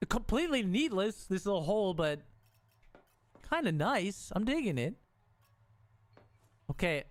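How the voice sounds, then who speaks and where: A man's voice: sits high, sing-song, measured pace, dry recording. A man streaming a game, talking casually to himself and the game, frustrated and joking as he builds. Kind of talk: casual gameplay commentary.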